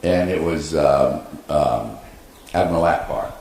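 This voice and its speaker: Deep-voiced man telling a story in a hall. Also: unhurried. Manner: animated anecdote with laughs and acted-out quotes. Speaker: convention panelist. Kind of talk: storytelling on a panel. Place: convention panel room. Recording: echoey convention hall, faint noise.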